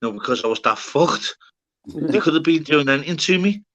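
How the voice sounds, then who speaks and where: Bloke hosting a live stream, bright tone, swears loads, rambling stories. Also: male voice, a little high, expressive, normal speed, dull audio. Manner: swears a lot, rambling storytelling. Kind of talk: casual banter.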